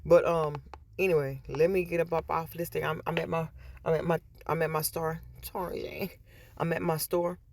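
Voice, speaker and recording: Talking at a moderate pace in a low, darkish voice with little pitch movement, a woman vlogger chats with her viewers in a store. She repeats words and retells stories, quoting other voices.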